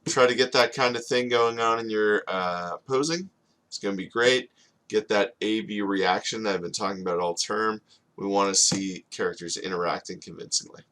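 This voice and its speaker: A man teaching storyboarding in a casual screen-recorded tutorial, talking in a relaxed, conversational way and often checking in with "okay?". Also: lowish voice, normal speed. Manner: relaxed and conversational, with frequent fillers. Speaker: animation storyboard instructor.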